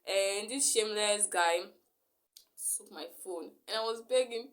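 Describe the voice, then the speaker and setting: A woman's voice: mid-range voice, measured pace. Young woman telling a storytime vlog. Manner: rambling retelling full of "like" fillers. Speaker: vlogger.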